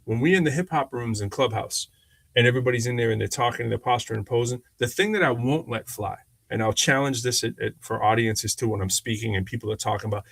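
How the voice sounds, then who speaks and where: Gravelly-voiced man, dry close sound, animated storytelling co-host, casual podcast. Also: mid-range voice, fast, no echo. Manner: animated storyteller, lots of restarts. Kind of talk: casual conversation.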